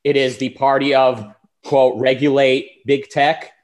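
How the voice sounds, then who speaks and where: A man's voice: mid-range voice, fairly even intonation, measured pace, darkish tone. A man hosting a talk show, delivering an argumentative political monologue and acting out the people he quotes. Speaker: show host.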